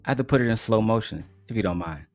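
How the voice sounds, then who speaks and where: A man hosting a live stream, giving wry, deliberate commentary on a clip to his viewers. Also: fairly low pitch, lively intonation, faint music behind. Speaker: livestream host reacting to a clip.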